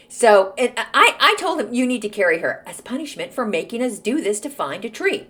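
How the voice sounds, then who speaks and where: Snarky, animated woman telling a story. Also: mid-range voice, fairly quick, hardly any pauses. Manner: snarky, animated, acts out quoted voices. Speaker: podcast host. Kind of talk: casual storytelling monologue.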